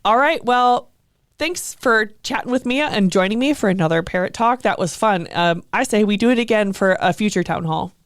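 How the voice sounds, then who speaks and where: A woman's voice: mid-range voice, moderate pace, dry recording, studio quality. Chatty young woman co-host. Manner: chatty, laughs often. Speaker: podcast co-host. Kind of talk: casual chat.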